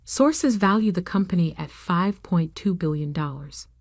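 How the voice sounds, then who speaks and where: A woman's voice: fairly low pitch, expressive, a little slow, a little mellow, no echo, clean studio sound. A woman reading the lines of a formal male television news anchor. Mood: announcing. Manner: announcing, formal.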